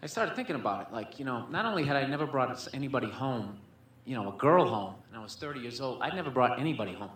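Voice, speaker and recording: A man's voice: mid-range voice, animated, fast, few pauses, a bit bright, slight background noise. A man doing stand-up storytelling, rambling with constant filler words and swearing, on a comedy club stage. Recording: echoey room with faint ambience.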